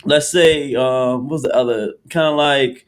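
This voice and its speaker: Male podcast host, mid-pitched voice, animated and rambling, restarts often. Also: a little slow. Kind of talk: casual podcast discussion.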